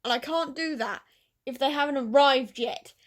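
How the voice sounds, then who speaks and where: A young woman, a book vlogger, chatting casually and gushing excitably about films and reading, with self-mocking asides. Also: high-pitched, moderate pace. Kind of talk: casual chat.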